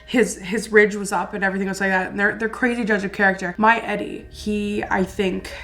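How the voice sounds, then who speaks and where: A woman's voice: mid-range voice, level tone, brisk, fairly bright tone. A woman hosting a casual video reaction, chatty and easily spooked, talking about pets and ghosts.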